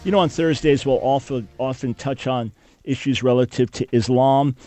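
A man's voice: mid-range voice, moderate pace, dark tone, dry recording, faint music behind. A man hosting a talk radio show, speaking earnestly and with emphasis into a studio microphone.

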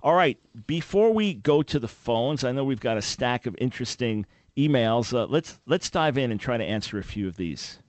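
A man's voice: medium pitch, animated, moderate pace, hardly any pauses, dry recording. A man hosting a Christian talk radio show, earnestly teaching and answering listener questions about scripture. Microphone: studio microphone.

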